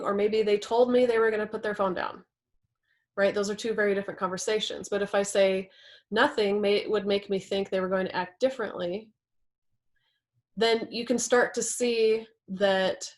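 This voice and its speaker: Woman leading a relationship workshop. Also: mid-range voice. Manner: conversational, acts out example quotes. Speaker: workshop presenter. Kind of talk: live workshop talk.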